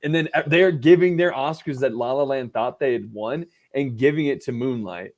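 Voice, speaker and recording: A man co-hosting a podcast in casual chat, retelling events in an animated way and acting out what people said. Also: mid-range voice, brisk. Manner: animated storytelling, acting out quotes. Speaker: podcast co-host.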